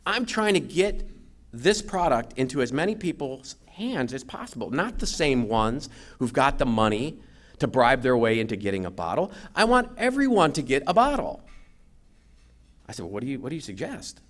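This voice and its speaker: Male guest speaker, animated storyteller with a wide-ranging pitch. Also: normal speed. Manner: animated storyteller, acts out quotes. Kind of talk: lively after-lunch talk.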